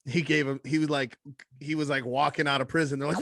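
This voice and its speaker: A man's voice: fairly high pitch, flat delivery, quick pace, vocal fry, fairly bright tone, dry recording, clean studio sound. A young man and father co-hosting a podcast, joking casually and acting out quoted voices. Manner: jokey, acts out quoted voices. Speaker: podcast co-host. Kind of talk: casual banter.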